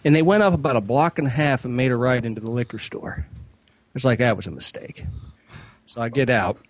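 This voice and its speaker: A man's voice: medium pitch, brisk. A man on a comedy podcast, casually telling a profane anecdote and acting out quotes along the way. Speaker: regular podcast panelist.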